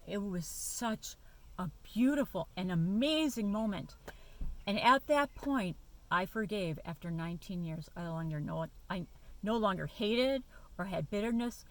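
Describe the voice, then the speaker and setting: A woman's voice: mid-range voice, normal speed, a bit bright. A woman talking to camera in a chatty, emphatic way, with many fillers and restarts, sharing a personal story. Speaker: YouTube vlogger. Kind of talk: casual personal talk to camera.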